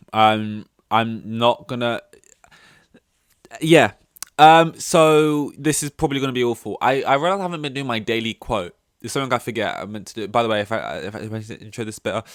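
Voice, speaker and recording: A young man rambles through a casual solo podcast, full of ums and self-mocking asides. His voice sits a little low and sounds smooth and clean. The recording is dry and close, with no room echo. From London. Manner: rambling, self-deprecating, many fillers and restarts. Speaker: podcast host.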